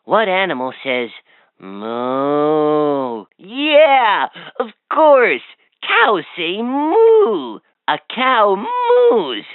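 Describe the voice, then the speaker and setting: A bouncy, sing-song talking toy. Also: female voice, a little high, huge pitch swings, very slow, no room sound, heavily acted. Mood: playful. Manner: bouncy sing-song quizzing, eager and playful. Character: cheerful chatty talking toy, playful and teasing. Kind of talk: toy voice lines. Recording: tinny, dry toy speaker audio.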